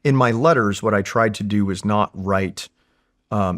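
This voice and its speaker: A man from California, a Marine veteran, tells war stories in a casual interview with animated, profane energy. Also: fairly low pitch, normal speed.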